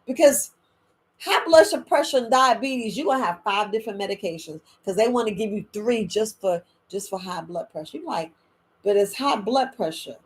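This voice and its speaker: Animated older woman, lively pitch. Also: normal speed. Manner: animated, dramatic, laughs often. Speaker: wellness podcast host. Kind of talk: casual chat to viewers.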